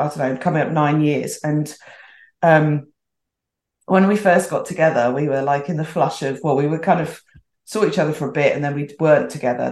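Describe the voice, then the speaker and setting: A woman's voice: sits low, darkish tone. A middle-aged woman telling a story casually as a podcast guest, chatty and acting out the voices she quotes. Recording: roomy echoey sound.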